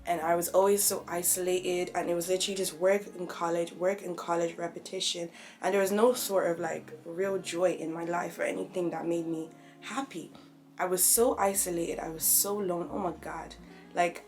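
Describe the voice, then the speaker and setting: A woman's voice: lowish voice, a little mellow. A young woman, talking openly and reflectively in a personal vlog. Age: young adult. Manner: open, conversational, reflective. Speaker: vlogger.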